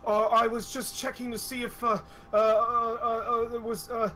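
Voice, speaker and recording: A man's voice: very high-pitched, very animated, moderate pace, a crowd in the background, pitched above the performer's own voice, exaggerated voice. A man voicing a frightened young woman soldier who is pleading and stammering, close to breaking down. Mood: flustered.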